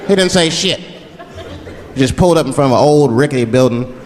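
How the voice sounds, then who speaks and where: Performing stand-up in a large hall before a live crowd, this Washington, D.C. comedian speaks with a medium pitch at a moderate pace. He tells his stories with animation, now and then switching into put-on voices.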